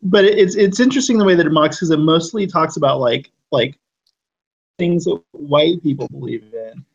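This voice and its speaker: Husky rambling man podcast co-host. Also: fairly high pitch, moderate pace, lo-fi sound. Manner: rambling, many fillers, animated tangents. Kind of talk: casual chat.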